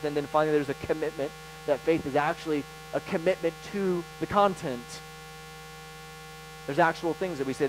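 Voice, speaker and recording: A man delivering a sermon in a fairly high voice, animated and emphatic. He leans into dramatic pauses as he preaches, and a faint mains hum runs under the recording. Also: rough recording. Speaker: pastor.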